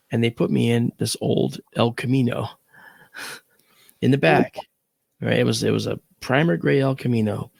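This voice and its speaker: A man, an astronomer, telling a vivid personal story and acting out the shouts of the people in it. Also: mid-range voice, creaky, slightly rough, no room sound. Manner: vivid, acts out quoted shouts, swears.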